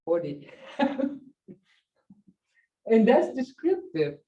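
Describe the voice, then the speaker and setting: A middle-aged woman teaching a language class in a casual, chatty way, telling stories with laughs and big jumps in pitch when she quotes people. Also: sing-song, extremely slow, dark tone. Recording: distant, dull lo-fi classroom recording.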